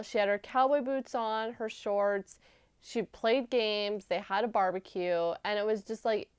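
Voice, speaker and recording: A woman's voice: fairly high pitch, clear, resonant tone, dry recording, clean studio sound. A young woman vlogger recapping a TV episode in a gushing, chatty way, full of "like"s. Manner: gushing, animated storytelling with many "like"s.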